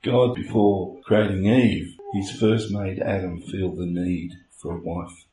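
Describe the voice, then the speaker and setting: Pastor guy preaching, real deep voice, earnest teaching w/ homey examples, echoey church room. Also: fairly even intonation, slow pace, mellow. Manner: earnest teaching with homely illustrations. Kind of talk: sermon. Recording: echoey room with faint hiss.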